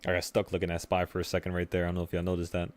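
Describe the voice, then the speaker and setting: A young man with a very low voice walks through trading charts in a loose, offhand way. He thinks out loud and pokes fun at his own slips as he clicks around. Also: racing. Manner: relaxed, thinking aloud, laughs at himself. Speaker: trading channel host. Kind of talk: casual screen-share chart walkthrough.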